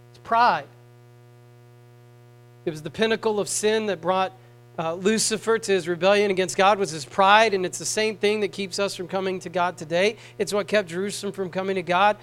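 A man preaching a sermon to a congregation, moving between soft, tender passages and raised, pleading appeals. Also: high-pitched, moderate pace, rough recording. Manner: swings from hushed tender tones to raised pleading.

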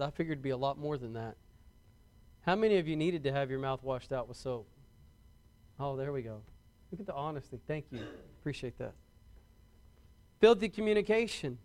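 A pastor preaches conversationally to his congregation, often restarting, repeating words, and asking them questions. His voice is on the high side and a little mellow.

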